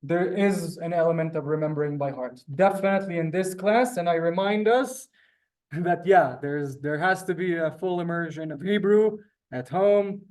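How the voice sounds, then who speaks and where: A man's voice: a little high, darkish tone. A man teaching a live beginner language class over a video call, drawing out and exaggerating each word he pronounces. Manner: drawn-out, exaggerated pronunciation of words. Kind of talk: live online beginner lesson. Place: teaching room in front of a board.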